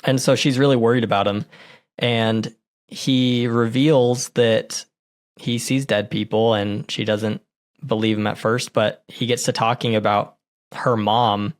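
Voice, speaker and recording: A man's voice: mid-range voice, fairly even intonation, unhurried. A man co-hosting a podcast, chatting casually and earnestly retelling movie scenes. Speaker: podcast co-host. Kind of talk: casual movie review chat.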